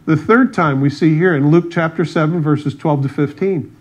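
A man's voice: on the high side, normal speed. A man pastor preaching a sermon, retelling scripture stories with wry asides and acted-out dialogue.

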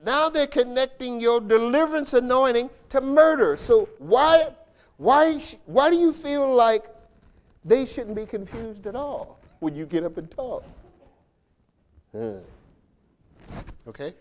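Animated, lively-voiced male preacher. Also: very high-pitched, measured pace, long pauses. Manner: animated, conversational, laughing, call-and-response. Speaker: bishop, preacher. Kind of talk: sermon.

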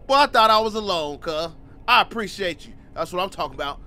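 A man's voice: sits high, lively intonation, fairly quick, sharp tone. A man doing casual let's-play commentary, slangy and joking, reading game text aloud and riffing on it with plenty of swearing. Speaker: gaming YouTuber.

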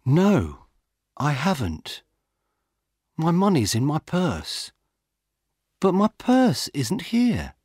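A man reading the part of an old woman, shaken and polite, speaking slowly and fretfully. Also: on the high side, huge pitch swings, darkish tone, breathy edge, no room sound, studio quality, pitched above the performer's own voice, exaggerated voice.

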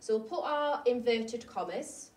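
A primary school teacher speaks straight to the children in a fairly high, bright voice. She sits a little back from the microphone, and the room around her is echoey. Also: measured pace, distant mic. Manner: bright, addresses the children directly. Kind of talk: classroom lesson explanation.

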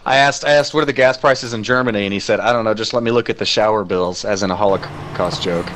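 A young man streaming a car soccer game, chatting casually with crude jokes and shouting at plays. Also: lowish voice, fast talker, low-quality recording.

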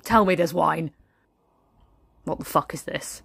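A woman's voice: low voice, a little slow, gravelly, fairly bright tone, dry recording, exaggerated voice. A woman playing a haughty aristocratic mother stuck at a children's party, muttering snobbish, grumbling asides. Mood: disdainful. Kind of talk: comic sketch monologue.

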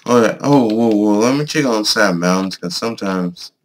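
A man giving casual let's-play commentary on his own game, excitable, swearing and yelling at the creatures on screen. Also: lowish voice, normal speed, a little hiss or hum. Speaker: gaming video host.

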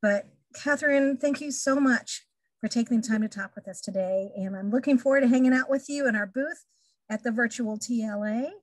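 A woman's voice: fairly high pitch, brisk, dry recording. A woman hosting an interview on a video call, enthusiastic and gushing about the guest. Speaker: interview host. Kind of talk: casual interview.

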